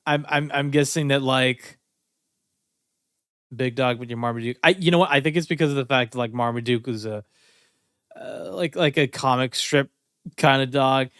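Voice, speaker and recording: A man streaming, reacting to music in casual chat, often breaking into laughter and thinking out loud. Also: mid-range voice, moderate pace, pauses often, smooth, no echo, studio quality.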